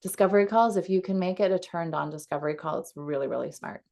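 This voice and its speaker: Chatty woman coach, slightly low voice. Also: fast, vocal fry, a little mellow. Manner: chatty, laughs easily, frequent fillers. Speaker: coach leading a community call. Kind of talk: casual teaching talk. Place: at home.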